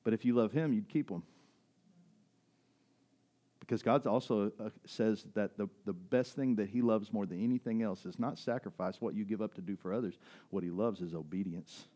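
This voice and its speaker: A male pastor preaching a sermon, telling a personal story that swings between excited high bursts and soft emotional moments. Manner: storytelling with quick rises in pitch and drops to soft emotional asides. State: near tears at times.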